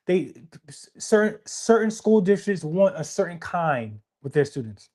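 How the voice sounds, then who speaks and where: A man's voice: high-pitched, very animated, measured pace, a little mellow. A young man, co-hosting a podcast in casual, emphatic conversation and often repeating himself. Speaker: podcast co-host.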